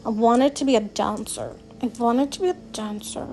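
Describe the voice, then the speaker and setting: A woman's voice: a little high, moderate pace, darkish tone, slight background noise, lightly acted, rough recording. A woman reading aloud, voicing a teenage girl who has just lost her sight, earnest and wistful. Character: grieving teen girl, newly blind.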